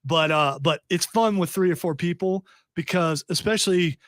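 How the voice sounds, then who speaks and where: This radio talk show host is a man whose fairly bright voice sits a little high and moves at normal speed. He chats casually with others, rambling and restarting, peppering his speech with fillers. The radio studio sound is clean, without echo.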